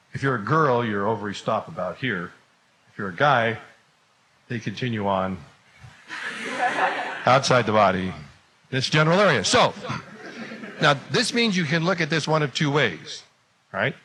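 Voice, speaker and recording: Wry, lively-voiced male teacher. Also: medium pitch, moderate pace, pauses often, background noise. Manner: playful, wry asides. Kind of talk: joking classroom talk.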